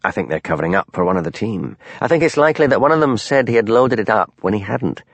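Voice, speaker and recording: A frank police colleague, as a man reads him, matter-of-fact and a little gossipy. The voice sits low and moves a lot, recorded dry. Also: lively intonation, quick pace, no echo.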